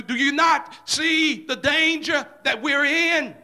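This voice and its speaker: A man preaching a fervent sermon in a church service, swinging from shouted lines down to hushed ones and calling out "come on" and "amen" between phrases. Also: very high voice, slow pace, few pauses.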